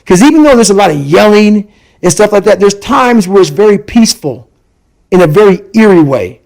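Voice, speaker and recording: A man with a fairly high voice for his sex tells a hard personal story in conversation. He is emphatic and intense, repeating lines to drive each point home, and he speaks as a podcast guest. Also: expressive, fairly quick, vocal fry, darkish tone, poor audio.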